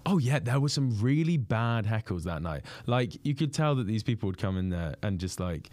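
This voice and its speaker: A young man, a podcast guest telling a story in casual chat, animated and often laughing. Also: fairly low pitch, normal speed, no echo.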